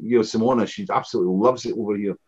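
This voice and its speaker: A man's voice: lowish voice, steady tone, very fast, darkish tone, slightly rough. A Scottish man in his sixties, a former rock frontman, telling rambling anecdotes with many restarts in a casual interview. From Scotland. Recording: dull lo-fi recording.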